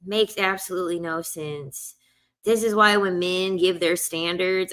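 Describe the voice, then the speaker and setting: A woman's voice: on the low side, moderate pace, a bit bright. Blunt, profane woman ranting. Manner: blunt, profane, exasperated, repeats lines for emphasis. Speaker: vlogger. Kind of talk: casual storytime rant.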